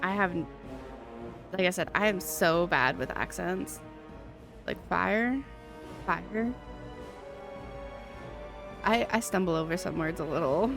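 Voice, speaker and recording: A woman's voice: on the low side, slow, creaky, long pauses, music in the background. A woman with a Minnesotan accent chatting casually on a live stream, musing and self-deprecating.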